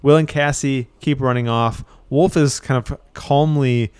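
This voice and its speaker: A man with a smooth, clear voice tells a spooky story in an easygoing, unhurried way, pausing on his fillers. The sound is dry and close. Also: medium pitch, steady tone, darkish tone, no room sound. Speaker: storyteller and co-host. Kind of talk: casual storytelling.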